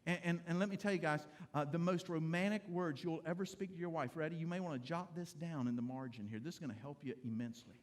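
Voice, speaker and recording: A middle-aged pastor with a high voice preaches in a church sanctuary. He talks straight to his congregation, conversational and joking. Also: fast, hardly any pauses. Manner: conversational, humorous preaching addressing the congregation directly. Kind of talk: sermon.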